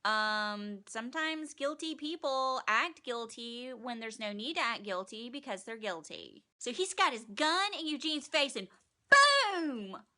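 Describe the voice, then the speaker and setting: A woman giving a casual, animated, profane recap of a TV episode. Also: on the high side. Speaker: TV recap vlogger.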